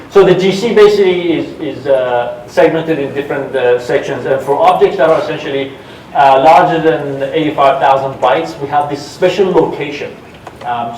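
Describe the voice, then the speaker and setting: A man's voice: medium pitch, a little hiss or hum. A man giving a technical talk at a developer conference, engaging the audience with questions and plenty of fillers and restarts. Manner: engaging, asks audience for shows of hands, many fillers and restarts. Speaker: conference presenter. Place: large conference hall. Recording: roomy hall sound, mic at a distance.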